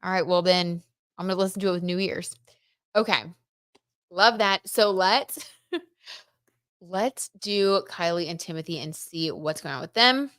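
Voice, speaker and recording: A woman's voice: lowish voice, fairly bright tone, no room sound, clean studio sound. A woman hosting a tarot gossip livestream, chatting casually and reading out viewer comments, with lots of fillers like "like" and "um". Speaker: tarot reader and livestream host.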